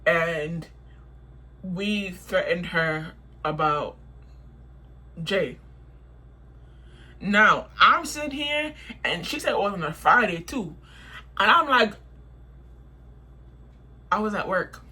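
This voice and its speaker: A woman's voice: fairly low pitch, lively intonation, takes it slowly, long pauses, bright, forceful tone, breathy edge. A young woman telling a storytime vlog, heated and profane, repeating herself as she vents. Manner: heated, profane, repetitive venting.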